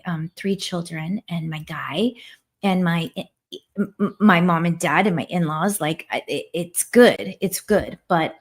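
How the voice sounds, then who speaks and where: Chatty woman hosting a home livestream. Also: mid-range voice. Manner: chatty and heartfelt, reading out viewer comments. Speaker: livestream host. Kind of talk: casual live-stream chat.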